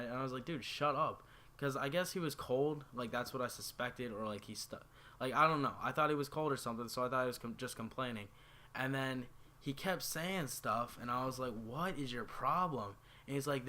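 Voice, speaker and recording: Bright-voiced young man telling a story. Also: medium pitch. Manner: rambling, filler-heavy, animated retelling. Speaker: YouTuber. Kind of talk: casual storytelling to camera.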